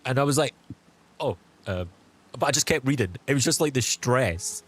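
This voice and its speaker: A man's voice: medium pitch, lively intonation, moderate pace. A young man streamer telling a personal story in a casual, rambling way, full of "like" and "um". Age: young adult.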